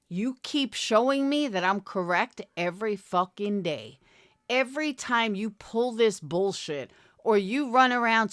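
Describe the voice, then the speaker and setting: A woman in a furious online callout rant, cursing freely and dripping with contempt. Her delivery is slow and deliberate, her pitch swings widely, and the recording is close and dry with no room sound. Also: fairly bright tone, no room sound. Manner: profane, contemptuous, confrontational. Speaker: commentary YouTuber.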